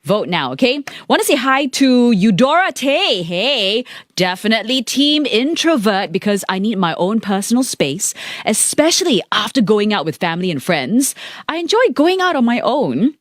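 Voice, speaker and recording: A woman's voice: on the high side, normal speed, dry recording. A woman with a Singaporean accent hosting a live radio show from a studio mic, chatting playfully and reading out listener messages. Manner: animated, playful, reads listener messages aloud. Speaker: radio host. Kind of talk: lively live radio chat.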